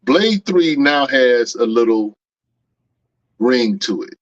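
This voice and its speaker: A man in casual podcast chat who circles back over his words before making his point. His mic sounds dull and lo-fi, and his voice has a middling pitch. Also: lively intonation, slow, no echo. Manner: repeats himself while building a point. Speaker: podcast co-host.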